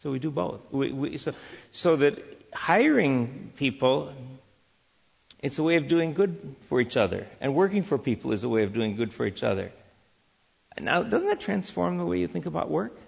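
A man giving a church teaching talk, lively and full of rhetorical questions, who also engages the audience. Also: on the high side, normal speed, creaky, husky, long reverb tail, muffled recording. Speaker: Christian speaker teaching on work and business.

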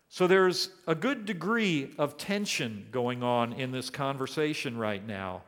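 A man's voice: medium pitch, expressive, measured pace, few pauses, fairly bright tone. Preaching man in a reverberant hall. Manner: asks the congregation probing questions. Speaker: pastor. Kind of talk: sermon.

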